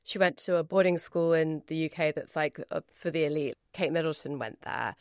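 A woman's voice: low-pitched, brisk, a little mellow, smooth, no echo, studio quality. A woman from Britain, a guest on a film podcast, talking chattily and laughing easily. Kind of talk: casual film discussion.

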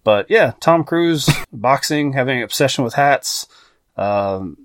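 A man's voice: mid-range voice, lively intonation, unhurried, no echo, studio quality. A man hosting a casual movie podcast, joking and rambling with frequent laughs. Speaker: podcast host.

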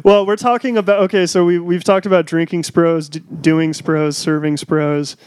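A man's voice: on the high side, steady tone, moderate pace, a little mellow, clear, resonant tone, no echo. A young man in casual chat, riffing and mocking with lots of swearing.

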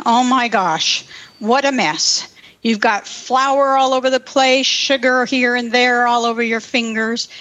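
A woman's voice: a little high, a bit bright, no room sound. A woman giving an exasperated comic rant over a video call. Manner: exasperated, exclaiming. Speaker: game participant.

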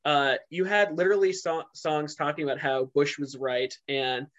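A man's voice: a little high, fairly even intonation, moderate pace, fairly bright tone. A man co-hosting a podcast in a casual chat, rambling with lots of fillers and restarts. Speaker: podcast co-host. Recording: dull lo-fi sound.

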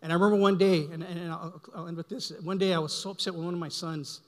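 A middle-aged man giving a heartfelt, halting church testimony, often repeating words as he speaks. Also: fairly high pitch, fairly even intonation. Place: church sanctuary. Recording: long hall reverb.

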